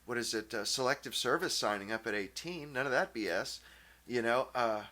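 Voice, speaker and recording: A man hosting his own channel, ranting casually in a blunt, profane way, with many halting restarts and fillers. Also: medium pitch, pushed and bright. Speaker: channel host. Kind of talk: casual opinion rant.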